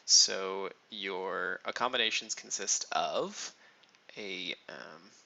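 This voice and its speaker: A man runs a tabletop game as game master, teasing his players and laughing often. His somewhat low voice sounds very bright and sharp. It also has a gravelly edge. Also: slow, rough recording.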